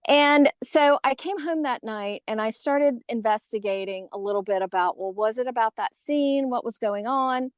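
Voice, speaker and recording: Animated Southern woman telling a story. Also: a little high, normal speed, few pauses, clear, resonant tone, dry recording. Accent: Southern American. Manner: animated storyteller, acts out quoted voices. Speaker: podcast guest, haunted tour organizer. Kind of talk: casual storytelling interview.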